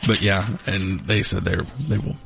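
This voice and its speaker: A man's voice: low voice, little pitch movement, normal speed, vocal fry, fairly bright tone, husky, soft background music. A man co-hosting a casual talk show, rambling through odd news stories with a wry, joking manner. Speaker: co-host.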